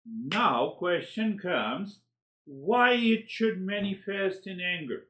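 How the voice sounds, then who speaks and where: A man giving a spiritual lecture, animated, who acts out inner dialogues and often repeats words as he searches for the next one. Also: high voice, slow, poor audio. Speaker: spiritual teacher.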